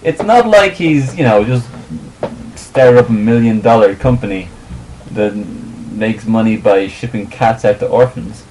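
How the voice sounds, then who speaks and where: A man's voice: on the low side, a little slow, a little mellow, roomy sound, a little hiss or hum, rough recording. A man co-hosting a podcast in casual chat, teasing his co-host and telling ranting stories with wry humour. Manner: wry, teasing, storytelling rants.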